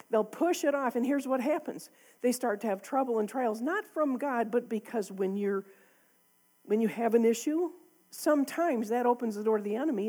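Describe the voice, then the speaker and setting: A woman's voice: a little high, mellow. A woman preaching a sermon to a congregation in a church, talking candidly and conversationally, often with a laugh.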